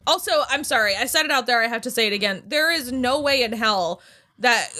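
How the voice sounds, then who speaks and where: A woman co-hosting a TV recap podcast, trading quick banter. Her voice is high and bright, and she giggles easily and speaks emphatically. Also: expressive. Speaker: podcast co-host. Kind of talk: casual recap chat.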